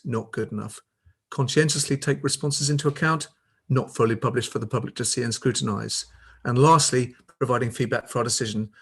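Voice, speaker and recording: A man's voice: mid-range voice, husky. A man reading a critical prepared statement to a council meeting over a video call, with pointed emphasis. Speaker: public speaker at council meeting. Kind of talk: prepared statement read aloud.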